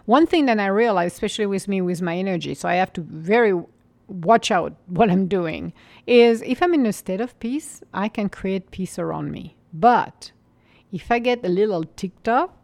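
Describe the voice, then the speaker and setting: A woman giving a calm, reflective spiritual monologue, unhurried and sometimes dropping into a soft whisper, with light laughs as she tells stories. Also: medium pitch, creaky, no echo. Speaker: mindfulness speaker.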